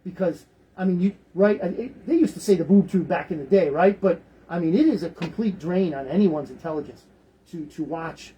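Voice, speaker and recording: A man's voice: high voice, moderate pace, dark tone, a little hiss or hum, low-quality recording. A man hosting a talk radio show, rambling through the news in casual commentary, often repeating words.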